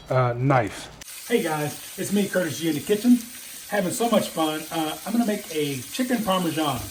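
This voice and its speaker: Chatty middle-aged man with a higher voice. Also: darkish tone, a little hiss or hum, low-quality recording. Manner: chatty and folksy, with many fillers and restarts. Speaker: cooking show host. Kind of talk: casual cooking demonstration. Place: home garden, then a home kitchen.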